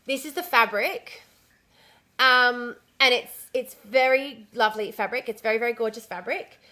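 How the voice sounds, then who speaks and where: Chatty bright-voiced woman streaming. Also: on the high side, normal speed. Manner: chatty, easily distracted, swears casually, frequent restarts. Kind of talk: casual live-stream chat.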